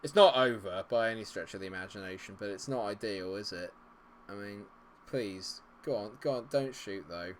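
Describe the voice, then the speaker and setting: A man giving running commentary as a streamer, exasperated and muttering, with loud outbursts. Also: lowish voice, normal speed, a little hiss or hum. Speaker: gaming streamer. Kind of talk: live game commentary.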